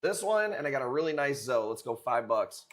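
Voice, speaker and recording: A young man with a medium-pitched voice, big pitch swings and a brisk pace hosts a coral auction on a live stream. He rambles and jokes, exchanging crude banter with the chat.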